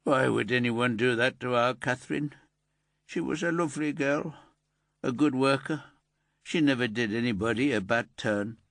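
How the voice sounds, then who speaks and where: A man's voice: mid-range voice, normal speed, creaky, fairly bright tone, no room sound, studio quality, pitched above the performer's own voice. A man playing a frail grieving father. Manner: angry then breaking. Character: frail older father, grief-stricken, bitter.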